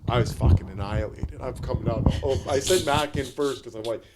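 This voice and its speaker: A man guesting on a podcast, telling rowdy, profane stories in a casual, animated way. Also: medium pitch, a little fast, heavy background noise. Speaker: podcast guest, former hockey enforcer. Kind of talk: casual storytelling chat.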